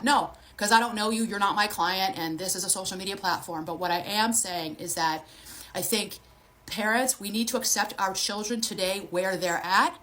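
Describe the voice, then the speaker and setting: A woman's voice: medium pitch, a little fast, a bit bright. A woman in her fifties talks to camera as a therapist and life coach. She sounds earnest and direct, and she speaks to viewers personally. Her delivery is loose and conversational, with frequent restarts. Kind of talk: advice monologue to camera.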